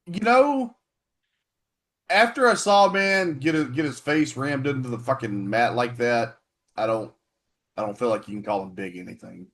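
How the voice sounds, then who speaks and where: A man's voice: medium pitch, animated, moderate pace, a bit bright. A man co-hosting a podcast, chatting casually with jokes and profanity. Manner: jokey, laughing, profane. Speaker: podcast co-host. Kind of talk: casual chat about wrestling.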